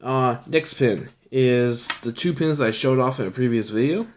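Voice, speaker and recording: A man's voice: mid-range voice, moderate pace, slight background noise. A young man chatting casually in a vlog, telling rambling stories full of fillers. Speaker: vlogger. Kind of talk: casual chat showing his collection.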